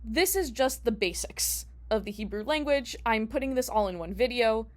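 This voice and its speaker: A woman's voice: fairly high pitch, animated, normal speed. A young woman teaching a casual lesson as a rabbinical student, chatty, asking herself rhetorical questions and restarting her phrases.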